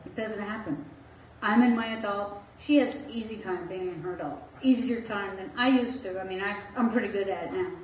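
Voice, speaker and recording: A woman therapist talks frankly to an audience about her own life, laughing often and acting out quoted voices. Her medium-pitched voice is fairly quick. The recording is dull and lo-fi, with a little hiss or hum, in an echoey room far from the mic.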